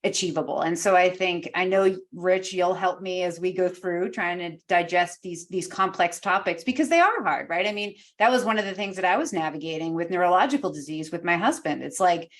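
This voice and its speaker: A woman's voice: on the low side, brisk, hardly any pauses. A woman co-hosting an interview podcast, explaining in an earnest way and peppering her talk with "you know". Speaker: guest co-host.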